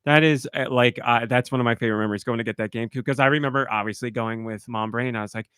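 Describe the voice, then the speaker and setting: A man in his forties hosting a podcast, chatting casually and jumping in with quick reactions. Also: medium pitch, clean tone, no room sound, studio quality. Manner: animated, reacts with quick interjections. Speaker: podcast host.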